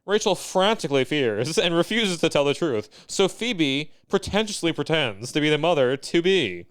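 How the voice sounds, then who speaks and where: Very clear-voiced man ranting on a podcast. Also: on the high side, sing-song, dry recording. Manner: profane, riffing, rapid-fire ranting. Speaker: podcast co-host. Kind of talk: casual comedy podcast chat.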